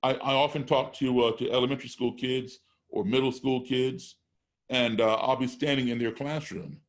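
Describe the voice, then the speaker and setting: In a mid-range voice with fairly even intonation and normal speed, a middle-aged American podcast guest tells a story conversationally. He makes emphatic points one step at a time and acts out classroom back-and-forth.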